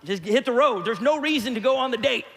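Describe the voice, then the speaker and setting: A middle-aged male pastor preaching a lively sermon, acting out quotes as he tells stories. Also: very high voice, fast talker, vocal fry. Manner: animated storyteller, acts out quotes. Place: church hall. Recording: long church hall reverb.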